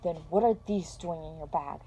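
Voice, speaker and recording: A woman's voice: deep voice, moderate pace, mellow, breathy edge, pitched below the performer's own voice, poor audio. A woman voicing a stern, weary father who talks in cold, clipped words. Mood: cold anger. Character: stern grown man, a weary disappointed father.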